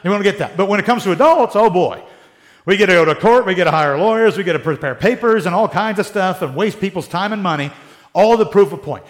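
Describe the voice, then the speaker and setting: Teaching the Bible casually and conversationally, a high-pitched man speaks fairly quickly. He is animated and jokey, acting out the people he describes by quoting them in different voices.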